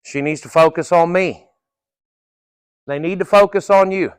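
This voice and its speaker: A middle-aged man coaches through a horse training session in a folksy, plain-spoken manner, tossing in a casual curse now and then. His voice sits fairly high and he takes his time. The sound is dry and close, with little room echo. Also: a little slow, smooth. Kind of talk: live training-session instruction.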